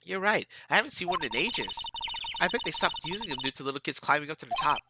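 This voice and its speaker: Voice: medium pitch, animated, fast talker, very noisy, natural voice. Someone doing a bubbly teen girl sidekick. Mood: chirpy. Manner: chirpy and playful. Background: loud game music.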